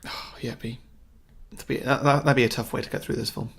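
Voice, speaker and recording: A man's voice: mid-range voice, fairly even intonation, fast, gravelly, a bit bright, husky. A man co-hosting a podcast, reading out rules and giving brief, dry replies in casual chat. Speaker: podcast co-host.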